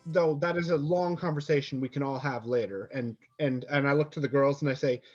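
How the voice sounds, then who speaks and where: A man's voice: medium pitch, fairly even intonation, brisk, hardly any pauses, a little mellow, faint music behind. Hesitant male player, dull lo-fi audio. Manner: hesitant, full of restarts. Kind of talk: tabletop game play.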